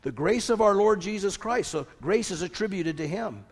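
An older man preaching a sermon, lively, asking rhetorical questions and quoting scripture. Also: fairly high pitch, fairly quick, few pauses. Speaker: pastor. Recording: long hall reverb.

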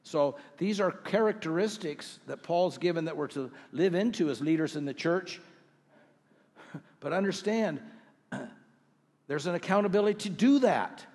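Middle-aged guy pastor giving a sermon, kinda high voice, big echoey church, reads verses slow. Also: expressive, darkish tone, breathy edge. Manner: earnest, reads scripture slowly, asks rhetorical questions. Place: church sanctuary.

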